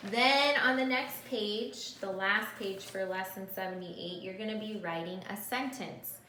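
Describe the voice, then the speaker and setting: A woman's voice: mid-range voice, a bit bright, reverberant, slight background noise. A woman teaching a phonics lesson to young children, patiently sounding out letters and words by a board. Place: classroom or room with a board.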